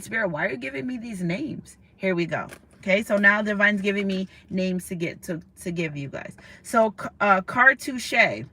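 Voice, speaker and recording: A woman's voice: medium pitch, bright, forceful tone. A woman giving a spiritual tarot reading straight to her viewers, emotional and passionate, often repeating herself and asking "okay?". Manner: repeats words, asks "okay?". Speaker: tarot reader.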